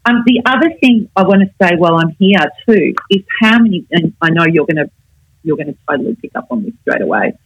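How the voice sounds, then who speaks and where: An older woman, a communication coach, explaining her advice in a measured, instructive way in a casual interview. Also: on the low side, expressive, no room sound, muffled recording.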